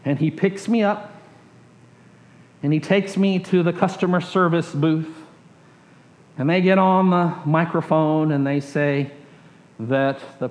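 A man with a high voice preaches, telling a personal story as part of a sermon. He takes his time, repeats phrases for weight and lets line endings fall soft and quiet. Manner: slow repetitive storytelling, trailing off quietly at phrase ends. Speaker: pastor.

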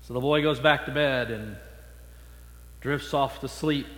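A man preaching a sermon, telling a story in a playful, animated way. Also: medium pitch, unhurried, soft background music. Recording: long echo in a large hall.

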